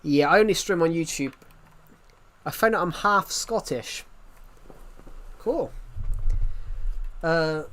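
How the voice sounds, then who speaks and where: Rambling British streamer, slightly high voice. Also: male voice, takes it slowly, pauses often, pushed and bright. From Britain. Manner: rambling, repeats and restarts phrases. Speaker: Minecraft live streamer. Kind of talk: casual live-stream chat reading out viewer comments.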